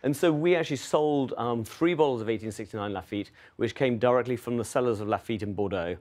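English guy, middle-aged, rattles along quick, easygoing and a bit self-mocking, interview guest. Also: medium pitch, a little mellow. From England. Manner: friendly, self-deprecating, quick with small restarts. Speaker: wine auction executive, guest. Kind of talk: interview answers.

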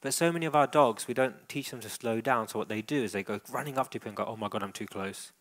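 A man's voice: mid-range voice, racing, fairly bright tone. A man who works as a dog trainer, leading a live training demonstration and coaching handlers with frequent praise.

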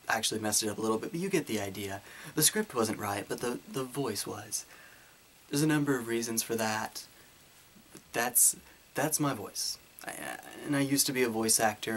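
Deep-voiced man with a light Southern twang. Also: a little hiss or hum. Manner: deliberately deeper, fuller voice to tone down his twang. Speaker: YouTuber answering viewer questions. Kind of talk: casual Q&A monologue.

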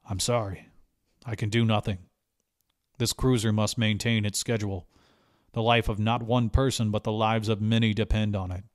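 A man voicing a gruff, blunt middle-aged space commander with a curt, clipped delivery. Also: on the low side, little pitch movement, moderate pace, no room sound, studio quality, close to an everyday voice. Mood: somber.

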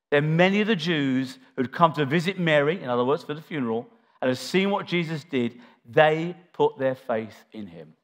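A man delivers a church sermon with dramatic flair, his voice sitting a little higher than most men's. He swings between loud, stirring declarations and quiet, hushed asides, acting out the lines he quotes from scripture. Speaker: preacher.

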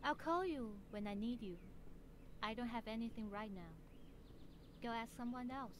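Curt game woman who brushes people off , voiced by an actress; flat, higher-pitched delivery. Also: moderate pace, natural voice. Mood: dismissive.

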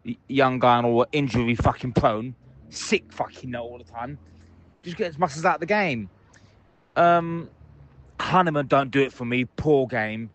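A man leaving angry voicemails, ranting and swearing passionately from a busy station. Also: a little high. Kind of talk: phoned-in voicemail rant. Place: out in public, at a train station.

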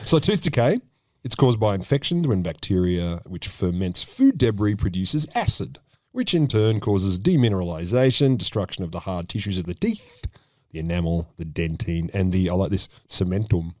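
A man's voice: deep voice, lively intonation, normal speed, darkish tone, dry recording, clean studio sound. A man co-hosting a comedy podcast, swearing and joking while explaining, with a numb lip from a filling. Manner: crude, jokey, swears often. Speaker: podcast co-host. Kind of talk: casual comedic chat.

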